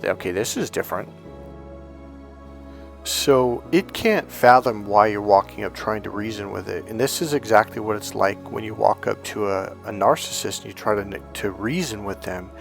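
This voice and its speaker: A man's voice: fairly low pitch, moderate pace, gravelly, few pauses, faint music behind. A man coaching in a casual motivational monologue, rambling with many restarts and repeated words. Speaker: life coach.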